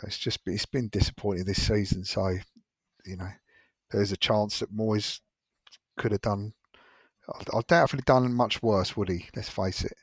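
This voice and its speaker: A low-voiced man co-hosts a casual football podcast. He talks in a measured, reflective way and leans on "you know." The recording is dry and close. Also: steady tone, breathy edge, dry recording. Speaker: podcast co-host.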